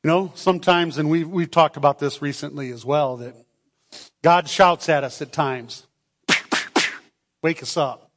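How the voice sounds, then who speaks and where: Male pastor, high voice, slow delivery, animated sermon, long church reverb. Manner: animated, calls for amens, acts out voices. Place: church sanctuary.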